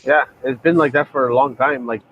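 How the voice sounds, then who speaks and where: A man's voice: medium pitch, steady tone, brisk, a bit bright. A man from Canada in a casual podcast chat, hesitant and full of restarts. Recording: dull lo-fi line with faint noise.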